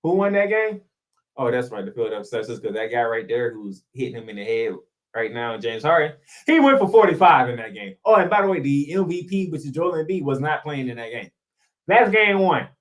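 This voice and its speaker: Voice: mid-range voice, very animated, brisk. A sports show host delivering a heated solo rant, sarcastic and casual, firing off rhetorical questions and repeating points for emphasis.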